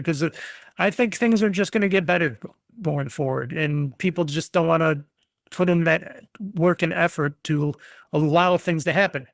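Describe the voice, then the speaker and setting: A middle-aged man from the United States rants bluntly on his solo podcast, swearing as he goes. His voice sits high for a man and carries a gravelly, rough edge. The sound is dry and close, with no room around it. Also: normal speed, no echo. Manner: blunt, ranting, swears freely. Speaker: podcast host.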